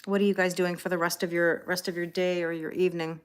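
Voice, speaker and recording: A woman hosting a tarot livestream in a calm, chatty way, reading viewer comments aloud and thanking people by name. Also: lowish voice, quick pace, clean tone. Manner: calm and relaxed. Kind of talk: casual livestream chat.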